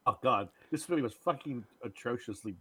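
A man co-hosting a podcast, giving blunt, profane opinions on films in an animated way. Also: medium pitch, a little fast, husky. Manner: blunt, profane, animated, puts on silly voices. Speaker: podcast co-host. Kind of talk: casual movie-review chat.

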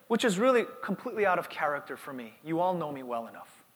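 Middle-aged pastor from New York, earnest and high-pitched, with long hall reverb. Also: male voice, very animated, fast talker, a bit bright. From New York, United States. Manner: earnest, repeats words while building up. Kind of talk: sermon.

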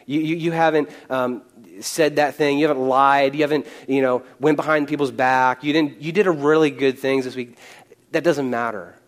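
A man's voice: medium pitch, steady tone, normal speed. A young man preaching a sermon, conversational, with joking asides. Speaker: pastor.

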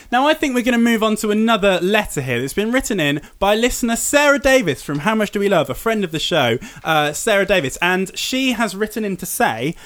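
A man hosting a comic podcast, jokey and often laughing. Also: sits high. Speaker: podcast host.

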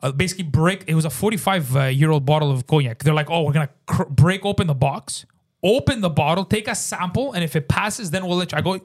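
A man co-hosting a podcast, telling a story in a casual, animated way, swearing freely and saying bro a lot. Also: high voice, fast talker. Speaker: podcast co-host.

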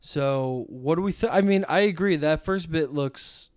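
A man's voice: a little high, a little slow, a little mellow, dry recording. A man co-hosting a casual movie podcast, upbeat and leading the segments. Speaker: podcast co-host.

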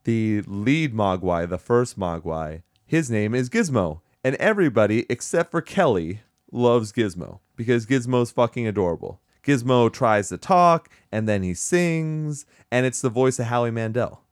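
Male podcast host, sarcastic and sweary, mid-pitched, close and dry. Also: a little slow, few pauses, no room sound. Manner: sarcastic, profane, animated. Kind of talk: casual movie-review banter.

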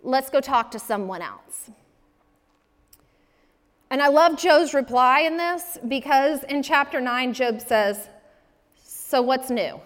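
A woman giving a sermon-style teaching talk, acting out the quoted lines with lively changes of voice. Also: high voice, slow, pauses often. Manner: acts out quotes with shifting voices. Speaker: speaker at a church breakout session. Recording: long reverb in a large room.

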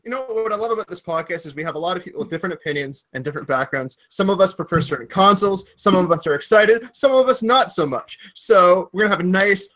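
A man's voice: high voice, quick pace, few pauses, fairly bright tone. A man hosting a casual gaming podcast, upbeat and hyped as he introduces his guests. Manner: upbeat, hyped, bouncy delivery. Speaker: podcast host.

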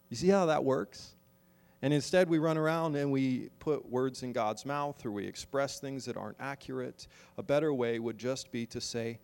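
In a large hall, a pastor with a medium-pitched voice delivers a sermon to his congregation, moving between wry conversational asides and loud, slow, emphatic exhortation.

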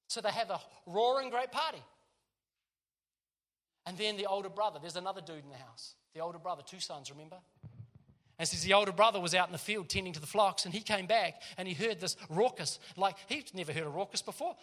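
A man preaching a sermon in church, retelling a story with lively joking asides to the congregation. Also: high voice, brisk.

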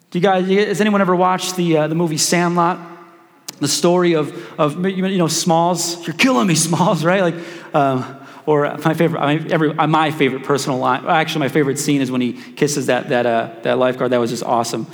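High-voiced preacher man in a reverberant hall. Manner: animated, joking and calling for congregation responses. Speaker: pastor. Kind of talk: preaching a sermon.

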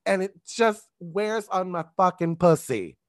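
A man co-hosting a comedy podcast, ranting with plenty of profanity and slipping into mocking impressions. His pitch swings all over the place as he talks, and the recording is dry and close. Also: animated, unhurried, no echo. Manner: profane, ranting, mimics others. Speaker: podcast co-host. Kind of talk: casual comedic chat.

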